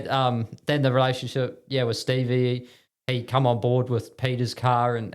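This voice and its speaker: A man's voice: medium pitch, clean tone. A man from New Zealand, a speedway driver guesting on a podcast, talking in a rambling, self-deprecating way with lots of fillers. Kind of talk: casual podcast interview. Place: podcast studio.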